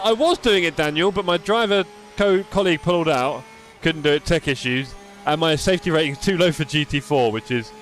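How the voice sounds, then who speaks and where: A man's voice: a little high, a bit bright. A young man live-streaming a racing game, chatting casually and answering his viewers by name with self-deprecating humor.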